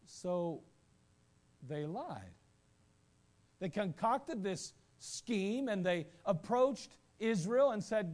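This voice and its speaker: A man preaching a sermon, animated, asking rhetorical questions and acting out quoted voices, at times rising to shouts. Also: high-pitched, takes it slowly. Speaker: pastor.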